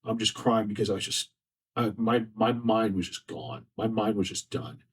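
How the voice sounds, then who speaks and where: A man's voice: fairly low pitch, fairly even intonation, moderate pace, husky. A man on a podcast, sharing a personal story in an earnest, repetitive, emotional way. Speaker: podcast guest. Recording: distant mic from faulty setup.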